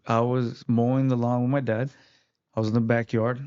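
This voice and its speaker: A man's voice: mid-range voice, level tone, moderate pace, darkish tone, smooth, highs cut off. A man, an interview guest who fights, telling his story in casual chat with many fillers. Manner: rambling, lots of "like" fillers.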